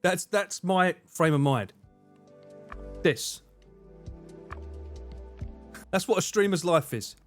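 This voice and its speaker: A man in his forties with an Essex accent banters through a live game stream, cursing freely and laughing at his own jokes. His voice sits a touch high and swings widely up and down. Game music plays clearly behind him. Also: expressive, measured pace. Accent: Essex English. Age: 40s. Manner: swearing, joking, laughing often.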